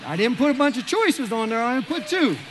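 A man, a pastor giving a joking, animated sermon in a large church. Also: extremely high pitch, fast, noisy background. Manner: animated, joking, acts out quoted voices.

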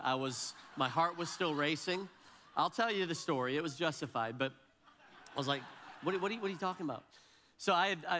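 A male pastor in his forties preaching a sermon with a voice a little higher than most men's. He tells a personal story in a relaxed, conversational way, with a self-deprecating humor.

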